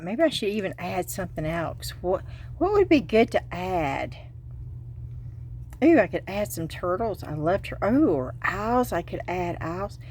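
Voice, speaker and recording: An older woman with a Southern US accent speaks at a medium pitch, with a little hiss or hum in the recording. She hosts a craft channel, unboxing supplies in a casual way and chatting to her viewers while giggling often.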